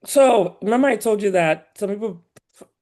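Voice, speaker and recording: A woman with a Nigerian accent softened by years in the US, talking as a guest in an animated, emphatic way and laughing often. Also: medium pitch, normal speed. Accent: Nigerian, polished by years in the US. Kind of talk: casual conversation.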